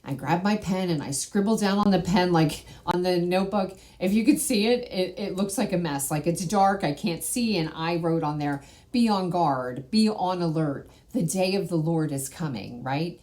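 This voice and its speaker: A woman's voice: fairly low pitch, normal speed, hardly any pauses, darkish tone. Chatty woman sharing a testimony. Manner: conversational, frequent "like" and "right?". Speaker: channel host sharing a spiritual testimony. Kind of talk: personal testimony to camera.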